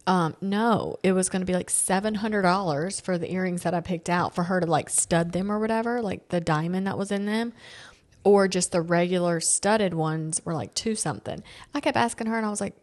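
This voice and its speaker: Animated woman podcast host telling stories. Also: lowish voice, brisk. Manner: animated storytelling, quoting people, laughing often. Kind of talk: casual chat.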